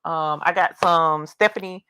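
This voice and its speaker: Bright, chatty woman livestreaming. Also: deep voice, a little slow, clear, resonant tone, no room sound. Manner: chatty, rambling, greets and reads out viewer comments; animated, with bursts of laughter and cheering. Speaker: livestream host and crafter. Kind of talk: casual livestream chat. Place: home craft studio.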